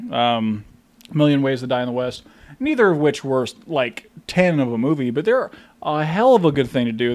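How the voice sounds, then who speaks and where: A young man co-hosting a movie podcast, chatting casually with dry, deadpan jokes. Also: medium pitch. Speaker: podcast co-host, movie reviewer. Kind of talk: casual chat.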